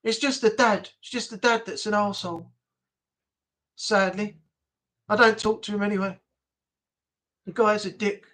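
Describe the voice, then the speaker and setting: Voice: mid-range voice, steady tone, normal speed, pauses often, a bit bright. A live-stream host, chatty and rambling, reading and answering the chat aloud.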